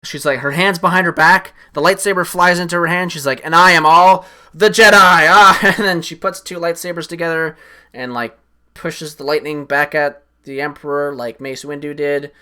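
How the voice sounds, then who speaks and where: A young man casually recapping a film on a stream, rambling and profane, excitedly acting out lines from the scenes. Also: on the high side, normal speed, clear, resonant tone.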